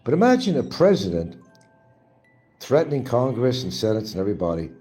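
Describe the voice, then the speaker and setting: A man's voice: medium pitch, huge pitch swings, a little fast, warm tone, soft background music. A man hosting his own show, delivering an angry, profane and mocking monologue. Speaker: livestream host. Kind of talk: ranting political monologue.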